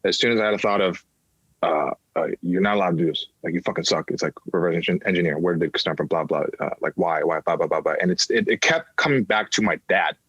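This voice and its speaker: A man's voice: low-pitched, quick pace, breathy edge, no echo, muffled recording. Candid man telling his story, dry. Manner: animated, acts out voices, swears freely. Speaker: podcast guest, comedian.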